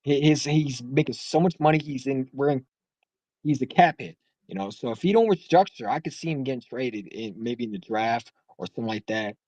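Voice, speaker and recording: Male caller, rambling and fired up, mid-pitched voice, dry sound. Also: animated, a little fast, darkish tone, no echo, poor audio. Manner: rambling, heated, many restarts. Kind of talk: casual sports call-in chat.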